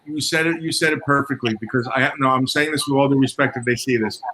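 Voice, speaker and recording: Male guest, a sound engineer spinning lively anecdotes over audible background noise. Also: medium pitch, fast, low-quality recording. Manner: animated storyteller, acts out quoted dialogue. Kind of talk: storytelling in casual chat.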